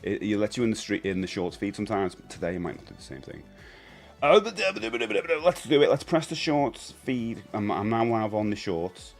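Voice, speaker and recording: A man's voice: fairly low pitch, big pitch swings, a little fast, hardly any pauses, soft background music. A man hosting a live stream in casual chat, rambling and greeting viewers as he goes. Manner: chatty, rambling, greets viewers, stumbles and repeats.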